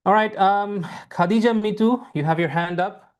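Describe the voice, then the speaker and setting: A young man with a high voice speaks at a normal pace while teaching English in a live online session through his laptop microphone. Originally from Bangladesh with Bangla as his first language, he has a mostly American accent touched by Bengali sounds and a friendly, filler-heavy, hesitant delivery.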